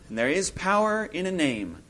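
In a high-sitting voice, a man muses his way through a scripture story during an informal Bible talk, growing animated as he performs the scenes.

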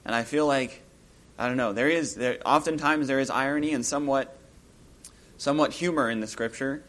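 A man giving an informal Bible talk, musing aloud as he retells a scripture story and growing lively when he acts out the scenes. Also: medium pitch, fairly quick.

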